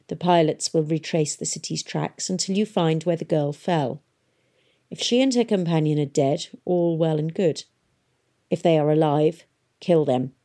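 A woman's voice: low voice, vocal fry, warm tone. A woman voicing a scheming male lord mayor who sounds cheerful but carries cold menace, in an audiobook. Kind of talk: audiobook character voice.

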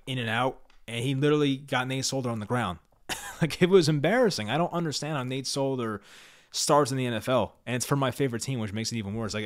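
A young man from New Jersey giving a fan reaction rant about his team, sarcastic and exasperated, often repeating himself. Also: mid-range voice. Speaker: sports fan vlogger.

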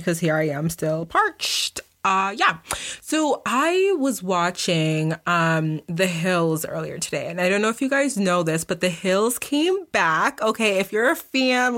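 A young woman with a slightly low voice hosts her podcast in relaxed, slangy, unscripted chat. She records from her home basement and rambles from one tangent to the next. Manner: chatty, slangy and informal. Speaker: podcast host.

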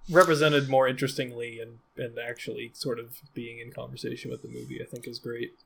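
A man's voice: mid-range voice, flat delivery, fairly quick, creaky, a bit bright, a little hiss or hum. A man co-hosting a podcast, chatting casually about a film, laughing often and restarting his sentences. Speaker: podcast co-host. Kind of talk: casual film review chat.

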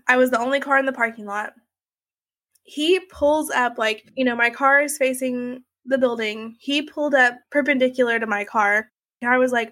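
Slightly high and a bit bright, this young woman's voice carries an emotional account of a personal ordeal. She's being interviewed about her experience and talks conversationally, full of "like" and "you know."

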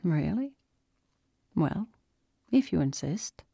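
A woman's voice: on the low side, sing-song, slow pace, creaky, warm tone, breathy edge, no room sound, studio quality, exaggerated voice. Woman playing a courteous wealthy man.

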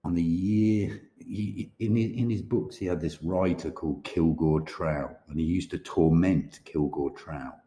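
Deep-voiced rambling man, echoey room. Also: unhurried, few pauses, dark tone. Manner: rambling, swearing, laughing often. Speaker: podcast guest author. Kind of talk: casual chat.

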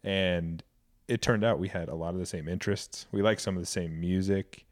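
A man's voice: low-pitched, fairly even intonation, normal speed. A man chatting candidly on a podcast, earnest and swearing freely as he tells a personal story. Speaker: podcast co-host. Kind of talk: casual podcast chat. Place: Boise, Idaho.

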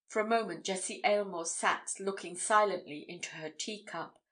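A woman narrating an audiobook in a measured, steady reading voice. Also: mid-range voice.

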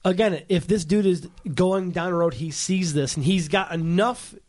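A man co-hosting a podcast in a jokey, playful way, quick to laugh. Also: sits high, a little mellow. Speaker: podcast co-host. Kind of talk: casual chat.

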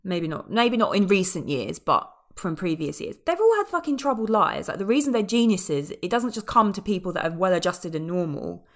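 Brisk and hardly pausing, a female co-host with a fairly low voice chats about a film on a podcast. She's animated and casual, using many fillers and occasionally swearing.

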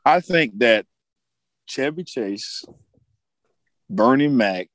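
A man co-hosting a casual podcast chat, an animated storyteller who laughs often and acts out movie lines. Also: medium pitch, extremely slow, no room sound. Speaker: podcast co-host.

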